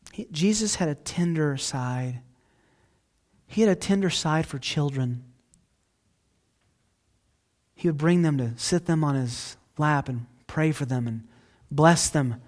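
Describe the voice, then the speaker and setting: A man preaching an earnest, conversational sermon as pastor. He speaks to the listeners directly and swings from hushed, soft passages to loud outbursts. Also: a little high.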